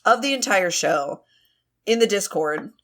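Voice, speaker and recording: A woman's voice: medium pitch, expressive, a little slow, a bit bright. A woman co-hosting a casual podcast, joking and swearing freely between bursts of laughter. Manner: giggly, swearing, playful bits. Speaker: podcast co-host.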